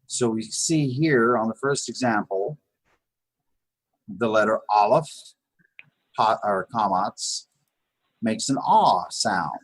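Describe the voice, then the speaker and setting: A man with a low, husky voice leads a live beginners' Hebrew lesson. He sounds out each word slowly and often restarts his sentences. The sound is dry and close. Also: expressive, no room sound. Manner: patient, repeats words slowly, many fillers and restarts. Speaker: Hebrew teacher. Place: Chabad house.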